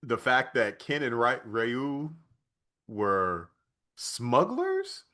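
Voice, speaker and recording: Animated man retelling a movie. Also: medium pitch, very slow. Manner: animated storytelling, acts out movie lines in put-on voices. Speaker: podcast co-host. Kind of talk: casual chat.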